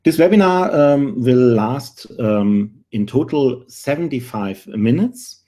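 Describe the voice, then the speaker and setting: A man in his forties with a German accent, presenting a live career webinar in an earnest way, with dry humor and frequent filler pauses. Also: medium pitch, animated, warm tone. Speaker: webinar host, career recruiter.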